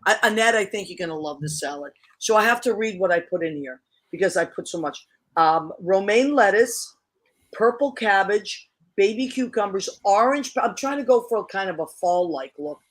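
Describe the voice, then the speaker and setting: A woman's voice: mid-range voice, expressive, normal speed. A middle-aged woman hosting a casual online chat show, talking chattily about her cooking, with many restarts and easy laughter. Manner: chatty, warm, laughs easily, restarts often. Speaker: show host.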